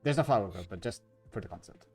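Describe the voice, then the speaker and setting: A man acting as storyteller for an online social deduction game, briskly answering rules questions and making announcements. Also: fairly low pitch, animated, darkish tone, slightly rough, faint music behind.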